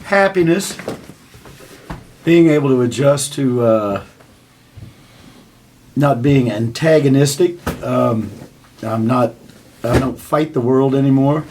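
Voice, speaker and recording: A man's voice: medium pitch, expressive, slow pace, long pauses, darkish tone, slight background noise. An older man, a band member, talking earnestly and reflectively in an interview.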